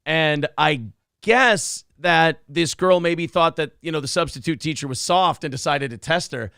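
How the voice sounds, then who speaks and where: Male show host, loose and profane, raspy and a little high. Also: unhurried, no echo, clean studio sound. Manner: profane, animated, jokey. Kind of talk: casual podcast chat.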